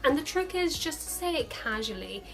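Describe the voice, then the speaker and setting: A woman's voice: high voice, very animated, moderate pace, fairly bright tone, faint music behind. A young adult woman vlogging casually to camera in a chatty, upbeat way, acting out the lines of other people now and then.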